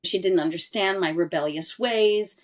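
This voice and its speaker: A woman in her forties speaks in an earnest, candid way, pressing hard on the words that matter. Her voice sits a little low. She tells a personal story as a podcast guest. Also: normal speed. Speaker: interview guest. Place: lived abroad in Europe.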